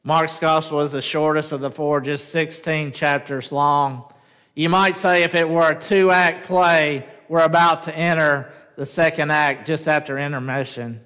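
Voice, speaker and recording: A male pastor delivers a sermon in a slow, unhurried way, his voice sitting a bit higher than most men's. He keeps checking in with the congregation through rhetorical questions. The sound carries a long reverb from the church sanctuary. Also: steady tone, sharp tone, clear, resonant tone.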